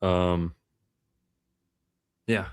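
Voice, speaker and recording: A man's voice: sits low, fairly even intonation, drawn-out words, clean tone. A man hosting a casual podcast chat about astrology, playful and punning, stretching out words for emphasis. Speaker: podcast host.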